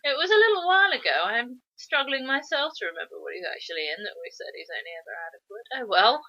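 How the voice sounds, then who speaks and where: A woman with a forceful, bright, tense voice, picking apart a film in relaxed podcast chat. She sounds opinionated and critical. The audio is a bit dull and lo-fi. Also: on the high side, quick pace. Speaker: podcast co-host. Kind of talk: casual film review chat.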